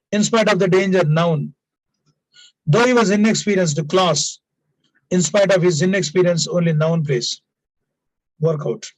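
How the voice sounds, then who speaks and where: A man's voice: sits high, no room sound, rough recording. A man teaching an English grammar lesson to students, explaining usage through example sentences and repeating key points, often tagging lines with "now" and "please".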